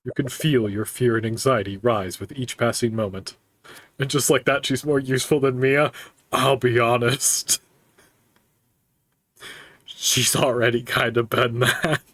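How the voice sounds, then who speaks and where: A man's voice: medium pitch, fairly even intonation, unhurried, long pauses, fairly bright tone, no echo. A man streaming a story game, narrating it aloud and reacting with casual swearing. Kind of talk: reading a story game aloud with live commentary.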